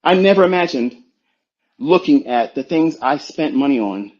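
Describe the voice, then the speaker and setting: Preachy, profane man, fairly high voice. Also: expressive, normal speed, a little mellow. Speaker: trading mentor. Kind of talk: motivational rant. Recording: dull lo-fi sound.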